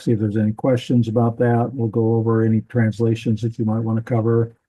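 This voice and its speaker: A man teaching a Bible language class, explaining in a relaxed way with fillers. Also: medium pitch, rough recording. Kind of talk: classroom lecture.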